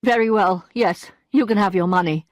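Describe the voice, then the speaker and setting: A woman's voice: medium pitch, normal speed, no echo, clean studio sound, lightly acted. A woman reading a greedy, lustful lawyer. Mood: eager. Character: greedy middle-aged male lawyer, lustful.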